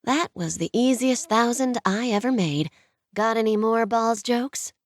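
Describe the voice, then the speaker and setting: Sharp-tongued young woman, sarcastic, tart, dry close sound, as a narrator reads her. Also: fairly high pitch, a little slow, no room sound, voice pushed up, lightly acted.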